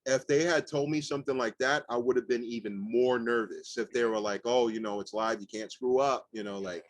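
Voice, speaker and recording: A young man, a rapper and guest, telling animated stories casually with lots of fillers and swearing. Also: mid-range voice, fairly quick, no echo. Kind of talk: casual storytelling interview.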